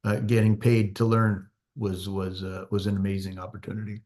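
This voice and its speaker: A middle-aged man speaking as an interview guest. He talks in a halting way, with many pauses and restarts. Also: on the low side, flat delivery, mellow. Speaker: writer-director, interview guest. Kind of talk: casual interview chat.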